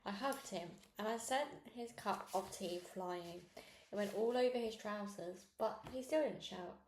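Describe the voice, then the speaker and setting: Woman narrator for a children's book reading; steady, clear delivery, roomy room with a faint hiss. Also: medium pitch, unhurried. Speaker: storybook reader. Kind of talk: reading a children's novel aloud.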